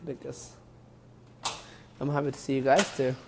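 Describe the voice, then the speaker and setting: Soft-spoken man chatting to viewers. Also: mid-range voice, flat delivery, normal speed, creaky, long reverb tail, noisy background. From Eritrea. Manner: soft-spoken, rambling, reading viewer comments. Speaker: YouTube comedian. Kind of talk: casual live-stream chat.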